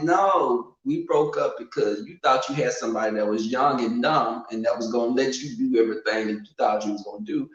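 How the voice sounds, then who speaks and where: A man telling casual stories at home, animated and loud when he quotes people, in an echoing room. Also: normal speed. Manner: animated, swings loud and high when quoting. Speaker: storyteller. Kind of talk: casual storytelling. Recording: roomy home echo, muffled sound.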